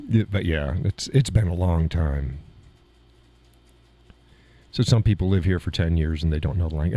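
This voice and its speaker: A man's voice: low voice, moderate pace, pauses often, dark tone. A man with a Texan accent hosting a live stream, chatting casually and chuckling between viewer comments. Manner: chuckling, drawling, trails off into mumbled asides.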